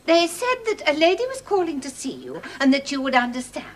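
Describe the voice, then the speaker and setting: An actress playing a chatty, homely housekeeper nanny in a 1970s sitcom. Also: female voice, sits high, wildly swooping pitch, a little fast, a little hiss or hum.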